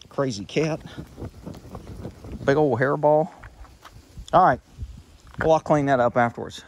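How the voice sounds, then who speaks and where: A man's voice: medium pitch, vocal fry, a bit bright, a little hiss or hum. A man vlogging casually about his projects and his cat, rambling and profane. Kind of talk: casual chat. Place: outdoors by a yard and cat shack.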